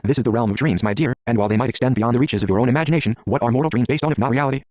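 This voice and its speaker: Man reading proud stern tree-spirit woman, haughty, scolding, rapid delivery. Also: medium pitch, a little mellow, no room sound, close to an everyday voice.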